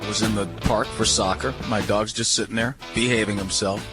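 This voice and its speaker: A man's voice: on the low side, brisk, over music. A man, a dog trainer, telling stories in casual chat and animatedly acting out what people said. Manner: animated, acts out quotes.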